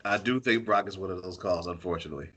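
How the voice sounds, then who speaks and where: A man's voice: deep voice, quick pace, a bit bright, a little hiss or hum. A man co-hosting a casual wrestling podcast, arguing his take with a playful laugh. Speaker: podcast co-host.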